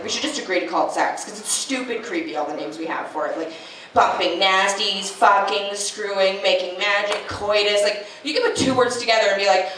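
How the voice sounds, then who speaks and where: A Canadian woman performing a stand-up comedy set on a nightclub stage, animated, quick and self-mocking. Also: mid-range voice. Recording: echoey club, distant mic, audience noise.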